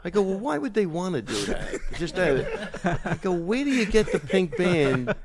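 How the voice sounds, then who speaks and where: A man with a fairly high voice tells a story in casual podcast chat. He swears freely and gets worked up as he retells it. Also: big pitch swings, moderate pace, over a noisy crowd. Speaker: MMA coach and podcast regular.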